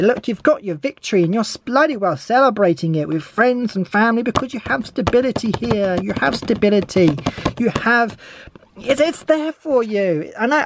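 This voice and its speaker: A woman's voice: fairly high pitch, slight background noise. A woman giving a tarot reading, talking eagerly and repeating her encouragements over and over. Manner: enthusiastic, repetitive encouragement. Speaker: tarot reader.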